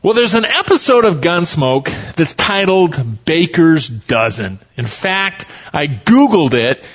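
A man's voice: a little high, big pitch swings, slow, a bit bright, slightly rough, dull audio. A male pastor preaching a sermon in a folksy, storytelling way.

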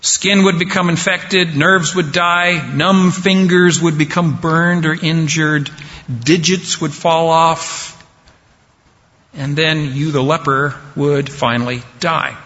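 A man delivers a sermon at an unhurried, deliberate pace, letting pauses land. His voice is bright and a little high. The sound is muffled and dull, with a long reverb trailing off through a large hall. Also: fairly even intonation. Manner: slow, deliberate preaching with dramatic pauses. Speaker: preacher.

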